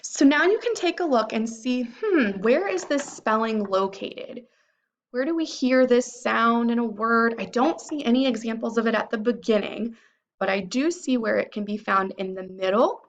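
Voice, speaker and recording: A young woman teaching a phonics lesson to young children, sounding out word parts slowly and clearly. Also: a little high, animated. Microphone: computer microphone.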